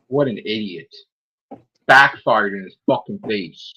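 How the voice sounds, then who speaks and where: A man's voice: fairly low pitch, lively intonation, unhurried, highs cut off, a little hiss or hum. A man, ranting profanely and mocking on a casual stream chat as host. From United States. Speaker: channel host.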